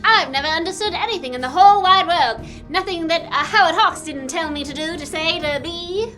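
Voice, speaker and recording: A woman's voice: sits high, unhurried, bright, forceful tone, faint music behind. A woman playing a vain old-Hollywood starlet in improvised comedy, with a theatrical transatlantic drawl. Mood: haughty. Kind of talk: improvised comedy role-play.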